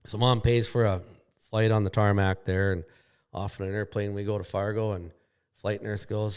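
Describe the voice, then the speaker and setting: A man's voice: fairly low pitch, normal speed, darkish tone, clear, resonant tone. A man, a podcast guest telling a story in a plainspoken, mildly profane, wry way. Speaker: podcast guest, snowmobile racer. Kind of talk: casual storytelling.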